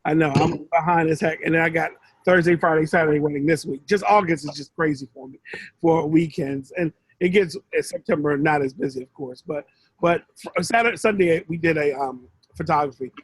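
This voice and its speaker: A man's voice: on the high side, animated, a little fast, slightly rough, no room sound, poor audio. A man mentoring one student in a casual, rambling way over a video call, often restarting his sentences. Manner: rambling, conversational, with frequent restarts.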